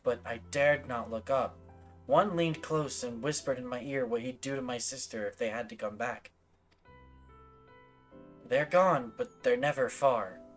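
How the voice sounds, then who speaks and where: A man voicing a frightened young village boy in a game, speaking in a hushed, somber, pleading way. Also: medium pitch, natural voice.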